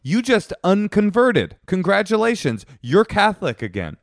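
A man's voice: high-pitched, sing-song, moderate pace, vocal fry. A man co-hosting a comedy podcast, his voice rising and falling a lot as he teases and feigns outrage. He laughs often. The sound is close and dry, with no room echo. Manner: teasing, mock-indignant, laughs often. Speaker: podcast co-host. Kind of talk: comedic casual chat.

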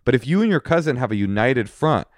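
A man's voice: medium pitch, quick pace, no room sound. Dry-voiced man giving blunt family advice. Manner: animated, acts out family quarrels in quoted voices. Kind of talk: casual advice podcast chat.

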